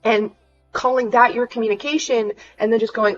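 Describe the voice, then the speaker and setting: A woman's voice: fairly high pitch, steady tone, moderate pace, soft background music. Young woman, frank and ranting, casual stream talk, muffled lo-fi sound. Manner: blunt, frank, swears freely, ranting. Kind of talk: casual venting livestream.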